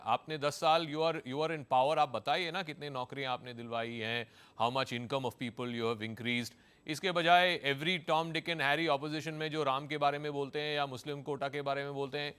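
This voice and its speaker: Fast-talking Indian male news anchor. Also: on the high side, steady tone, a bit bright, smooth. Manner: pointed, rapid-fire questioning. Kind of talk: televised political debate.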